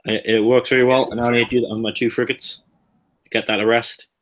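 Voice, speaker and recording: A man co-hosting a casual live chat about miniatures, blunt and quick to rant. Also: mid-range voice, little pitch movement, a bit bright, poor audio. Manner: ranting, blunt and sweary. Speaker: co-host.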